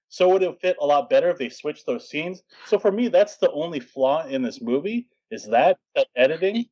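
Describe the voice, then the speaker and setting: A man's voice: a little high, animated, moderate pace, a little mellow, muffled recording. A man co-hosting a film podcast, analyzing scenes in a casual way. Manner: analytical, acts out characters' lines. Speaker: podcast co-host.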